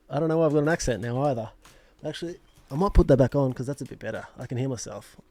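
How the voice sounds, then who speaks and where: Young aussie bloke rambling about his fantasy team, mellow voice, dry close sound. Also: medium pitch, very fast, no room sound. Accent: Australian. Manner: rambling, self-mocking, fillers and restarts. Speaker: fantasy football channel host. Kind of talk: casual vlog chat.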